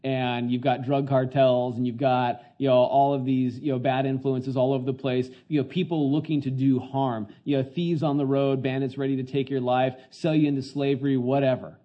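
A man's voice: medium pitch, little pitch movement, moderate pace, hardly any pauses. A man teaching a Bible passage in a chatty sermon, full of fillers and retelling scenes. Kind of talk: conversational sermon. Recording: dull lo-fi sound.

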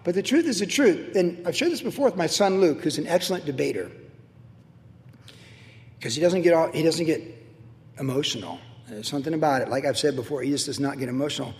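A man's voice: a little high, lively intonation, brisk, darkish tone, long reverb tail. A middle-aged man preaching a sermon as pastor, emphatic and repetitive as he drives home his points.

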